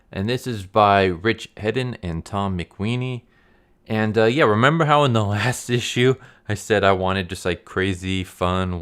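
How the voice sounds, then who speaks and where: A man's voice: on the low side, fairly bright tone, clean tone. A young man casually reviewing a comic book, laid-back and laughing often, with lots of fillers.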